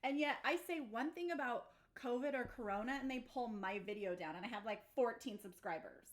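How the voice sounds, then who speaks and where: A woman's voice: a little high, a little fast. A young adult woman hosting a casual livestream chat, bubbly and giggly, exclaiming often. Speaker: livestream host.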